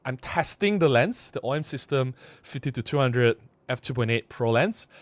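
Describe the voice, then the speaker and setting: A man's voice: mid-range voice, normal speed, dry recording. A man vlogging casually to camera, rambling and repeating himself as he explains. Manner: rambling, repeats words, animated.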